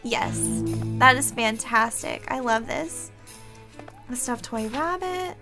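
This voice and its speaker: A woman hosting a let's play, excitable, reading game text aloud between gasps and squeals. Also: a little high, slow pace, gravelly. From United States. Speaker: gaming video host. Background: game music.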